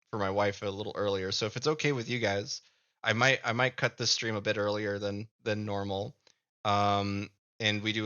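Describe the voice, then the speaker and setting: A Midwestern American man, a live streamer and comic creator, chats casually on stream in a low, forceful voice. He speaks haltingly, repeating words as he thinks aloud, and the audio has its highs cut off.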